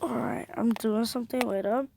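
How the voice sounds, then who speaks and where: A woman talks quietly and playfully, keeping her voice hushed as she chats. Clear noise and clicks sit in the recording. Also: a little high, steady tone, normal speed. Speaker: video reactor. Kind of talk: casual reaction chat.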